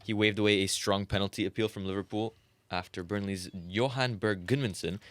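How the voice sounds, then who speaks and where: Fast-talking low-voiced young man. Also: fairly even intonation, dry recording. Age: 20s. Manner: rapid recounting of match facts. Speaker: podcast co-host. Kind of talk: casual football podcast chat.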